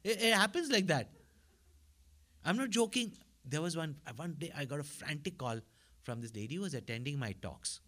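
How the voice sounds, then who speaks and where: A man's voice: fairly high pitch, lively intonation, normal speed, fairly bright tone. A man telling a story as a spiritual teacher, in a chatty manner that keeps checking in with his listeners. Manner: conversational, asks listeners for agreement.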